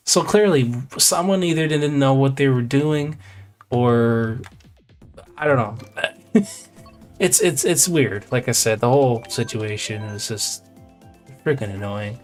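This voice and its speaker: A man live-streaming a video game, chatting casually in a rambling, exasperated way with mild swearing. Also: medium pitch. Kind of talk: casual chat while playing. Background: faint video game music.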